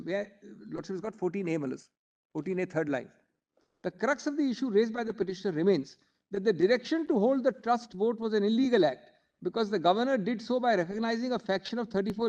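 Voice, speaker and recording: A man with an Indian English accent arguing formally and emphatically before a bench as a senior advocate, often addressing the judges as my lords. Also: very high voice. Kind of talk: courtroom argument.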